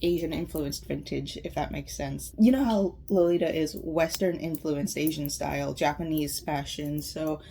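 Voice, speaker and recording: A woman's voice: low-pitched, moderate pace, hardly any pauses, dark tone, a little hiss or hum. A young woman with a light Southern accent, rambling and laughing in a casual sewing vlog. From American South. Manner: bubbly, rambling, giggly. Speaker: sewing vlogger.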